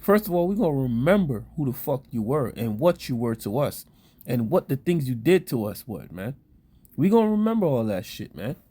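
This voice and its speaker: A man's voice: mid-range voice, big pitch swings, brisk, dark tone, husky. A man ranting in commentary style, breaking into scripture reading now and then. He rambles, restarts his sentences and leans on fillers. His tone is crude and preachy. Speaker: online commentator.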